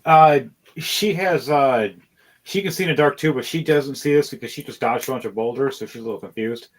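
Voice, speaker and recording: A man's voice: mid-range voice, a little fast. A man narrating as dungeon master, loose and rambling, with fillers and the odd curse. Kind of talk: narrating a tabletop game.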